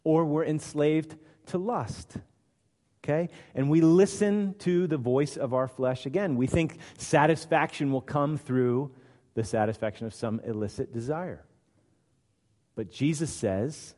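Preacher in a reverberant hall. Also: male voice, on the high side, unhurried. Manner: acts out quoted voices, swings from loud to hushed. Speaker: pastor. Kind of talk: sermon.

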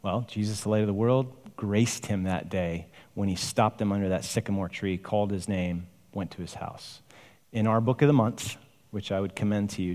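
A man's voice: on the low side, darkish tone, in a large hall. A male pastor preaching a conversational sermon, asking rhetorical questions and sighing in asides.

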